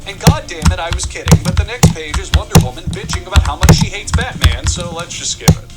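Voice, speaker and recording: Sarcastic, high-pitched, animated male reviewer. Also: fairly quick, over loud music. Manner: sarcastic and profane, with big pitch jumps. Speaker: comic book reviewer. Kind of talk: sarcastic comedic commentary.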